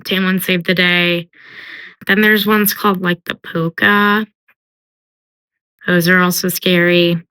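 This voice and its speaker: Bright chatty young woman summarizing a book. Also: lowish voice, little pitch movement, slow, long pauses, clear, resonant tone, rough recording. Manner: chatty, uses filler like "like" and "um". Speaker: book commentator. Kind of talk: casual book summary with character voices.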